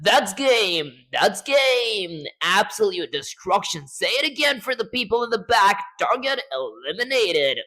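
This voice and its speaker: A hyped male radio announcer, put on by a man calls a knockout in loud, punchy bursts, pitched well above a normal speaking voice. The lines come out loud and driven. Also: sing-song, measured pace, hardly any pauses, exaggerated voice.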